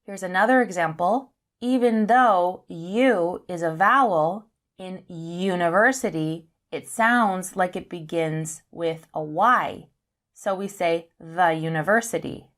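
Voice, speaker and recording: A woman teaching English pronunciation in a scripted lesson, speaking slowly and enunciating each word clearly. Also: lowish voice, a bit bright, roomy sound. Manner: slow, clear, carefully enunciated.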